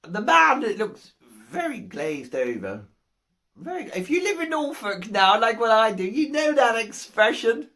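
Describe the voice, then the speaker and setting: A woman's voice: a little high, sing-song, unhurried, fairly bright tone. A woman giving a comic Christmas speech, telling a rambling joke and giggling at her own lines. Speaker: comic storyteller.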